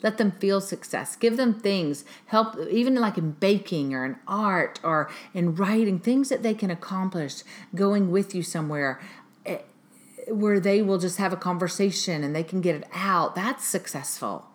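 A woman's voice: mid-range voice, normal speed. A woman hosting a podcast, giving parenting advice in casual talk, earnest and emphatic, often repeating her points. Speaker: podcast host.

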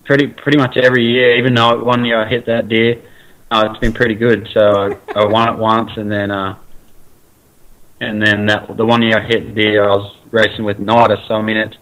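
Relaxed Australian man with halting speech. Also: on the low side, rough recording. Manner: relaxed, halting with many fillers. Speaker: guest, racer. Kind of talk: casual interview chat.

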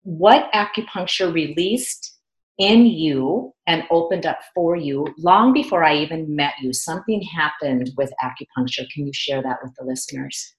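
A woman hosting a podcast interview, speaking in a measured, affirming way. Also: sits low. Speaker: podcast host. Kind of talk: slow, reflective interview talk. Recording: echoey room.

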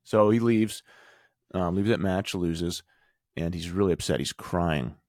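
A man hosting a podcast, telling a personal story in an animated way, his voice rising when he quotes others. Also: low voice, unhurried, no room sound, studio quality. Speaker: podcast host. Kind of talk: storytelling monologue.

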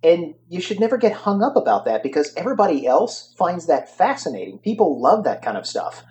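Upbeat, slightly high-voiced man co-hosting. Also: very animated, a little fast, a little mellow. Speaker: radio show co-host, voiceover artist. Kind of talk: casual music chat.

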